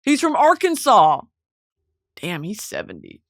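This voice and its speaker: Animated, foul-mouthed woman host. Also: medium pitch, measured pace, no room sound, clean studio sound. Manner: excitable, swears freely, animated. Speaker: podcast host. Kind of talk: casual chat.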